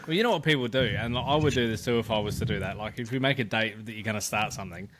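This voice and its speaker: A man's voice: on the low side, very fast, noisy background. A man co-hosting a podcast chat, blunt and sweary. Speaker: podcast co-host. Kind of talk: casual chat.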